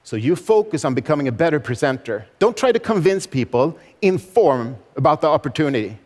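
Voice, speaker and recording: In a large event hall with long reverb, a motivational speaker in his forties delivers an emphatic stage speech, repeating key phrases and posing rhetorical questions. His voice is fairly high and darkish, swinging widely in pitch at a fairly quick pace.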